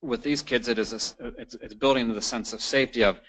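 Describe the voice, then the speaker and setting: A man's voice: mid-range voice, steady tone, fast talker, few pauses, a bit bright, rough recording. A man presenting a continuing-education lecture on parenting, talking unscripted with many fillers and restarts. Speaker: counselor presenting a training course.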